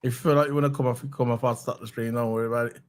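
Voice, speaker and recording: A man's voice: mid-range voice, steady tone, racing. A British man hosting a casual live stream, blunt and opinionated, repeating his phrases. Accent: British English. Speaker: streamer host. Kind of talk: casual chat.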